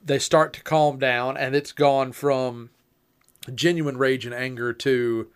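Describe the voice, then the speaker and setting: A man's voice: mid-range voice, steady tone, slow pace, smooth. A man and young father chatting about parenting, explaining things point by point with dry humor. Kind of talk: casual chat about parenting.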